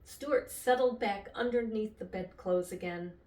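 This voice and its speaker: An older woman reading a children's chapter book aloud with expressive, lively storytelling. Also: medium pitch, measured pace. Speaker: storybook reader. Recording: echoey room, voice from a distance.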